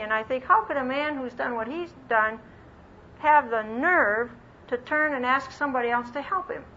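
A woman teaching a Bible lesson as a sermon, earnest and slowing down to stress key phrases, acting out little quoted voices with self-deprecating humor. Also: sits high, sharp tone. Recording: dull lo-fi recording with faint background hiss.

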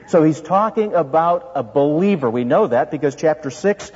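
A man with a slightly high, husky voice preaches an expository sermon, pressing his point with rhetorical questions and the odd restart. The sound is dull and lo-fi, with a long reverb trailing behind him as in a large sanctuary. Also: lively intonation, moderate pace, a little mellow. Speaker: pastor.

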